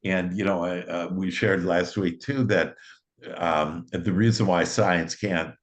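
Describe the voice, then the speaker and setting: A middle-aged man with a notably low voice hosts a relaxed conversation. He rambles with plenty of fillers, "uh"s and self-corrections as he tells stories. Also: a little slow. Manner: rambling, with many fillers and restarts. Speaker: host. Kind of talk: casual conversation.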